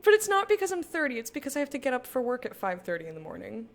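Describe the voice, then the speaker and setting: A woman's voice: sits high, very animated, racing. A woman in her thirties chatting casually as she plays a game, laughing often and reading lines aloud. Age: 30s. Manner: chatty, giggly, reads game text aloud. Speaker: gaming streamer. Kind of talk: casual let's play commentary.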